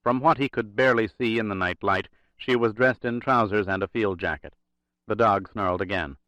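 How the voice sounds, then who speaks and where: A man narrating a thriller audiobook in a steady, measured reading. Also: lowish voice, dry recording. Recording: dry, slightly dull recording.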